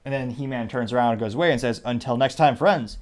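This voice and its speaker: Guy host reading memes and comments out loud, wry and rambly, middle pitch. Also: fast. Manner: chatty, wry, rambling asides. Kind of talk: casual commentary reading social media posts.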